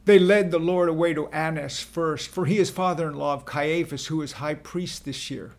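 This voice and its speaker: A man narrating a dramatic first-person scripture reading in a slow, earnest storytelling manner. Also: a little high, creaky.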